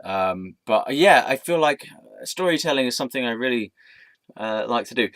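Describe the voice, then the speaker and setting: A man's voice: mid-range voice, lively intonation, moderate pace, fairly bright tone, no echo, clean studio sound. A young man telling rambling, silly stories to his camera, giggling often and slipping into put-on voices. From England. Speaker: vlogger. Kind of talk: rambling casual vlog storytelling.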